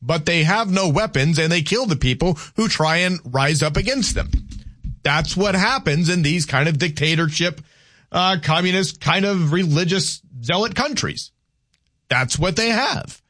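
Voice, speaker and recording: A man's voice: on the high side, lively intonation, a little slow, fairly bright tone. A man hosting a talk radio show, giving opinions in a loose conversational monologue and reading listener texts aloud.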